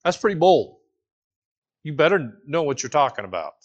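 A man, teaching a Bible passage to his congregation in a casual, animated sermon, asking the listeners questions and joking as he goes. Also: fairly high pitch, moderate pace, lo-fi sound. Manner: casual, animated, asks the listeners questions, jokes, restarts often. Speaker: pastor teaching a Bible study. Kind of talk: conversational sermon.

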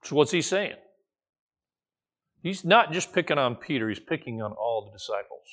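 A pastor teaching a Bible study preaches a conversational sermon, informal and animated, tossing in playful asides and light laughs. His voice is a little high, and he speaks at a moderate pace.

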